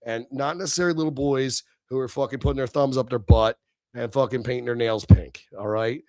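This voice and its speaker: A man's voice: mid-range voice, steady tone, fairly quick, darkish tone, no echo, clean studio sound. A middle-aged man hosting a livestream, venting in a heated, profane, sneering rant. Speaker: livestream host. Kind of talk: ranting livestream monologue.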